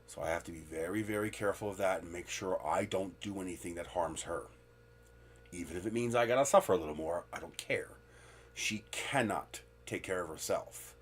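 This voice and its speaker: A man's voice: low voice, slight background noise. A man hosting a live stream, chatting candidly and rambling from topic to topic, with the occasional swear. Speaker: livestream host. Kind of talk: casual live-stream chat.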